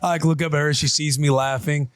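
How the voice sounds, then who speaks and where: A man co-hosting a casual podcast, telling a family story with lively reenactments of his toddler. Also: a little high, fast, clean tone, no echo, studio quality. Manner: animated storyteller, acts out his toddler's lines. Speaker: podcast co-host. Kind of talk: casual chat.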